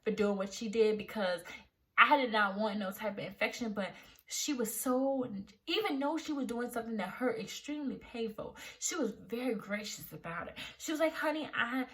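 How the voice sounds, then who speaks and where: A woman's voice: fairly high pitch, moderate pace. A young woman, telling a personal story to camera in a vlog and acting out what people said. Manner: animated, acts out quotes. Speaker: vlogger.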